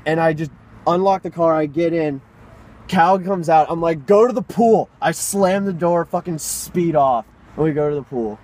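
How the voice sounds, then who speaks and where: A man's voice: fairly high pitch, normal speed, darkish tone, low-quality recording. A teenage man co-hosting a podcast, telling a story in a run-on, casual way, with swearing. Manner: breathless run-on narration, profane. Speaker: podcast co-host.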